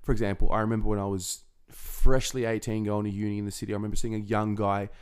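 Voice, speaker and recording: A man with an Australian accent in casual chat, quick with joking asides. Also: on the low side, level tone, smooth.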